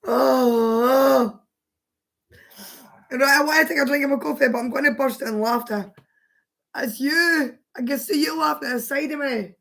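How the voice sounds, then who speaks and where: A woman hosting a casual live chat, hoarse from laughing and fighting off fits of giggles. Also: high voice, quick pace, pushed and bright. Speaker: livestream host.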